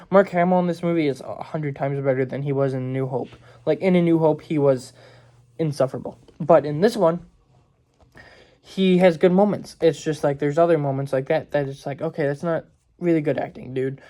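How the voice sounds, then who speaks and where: A man's voice: fairly high pitch, warm tone. A man casually reviewing movies in a rambling way, filling his talk with "like" and "um". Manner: rambling, heavy use of "like" and "um" fillers.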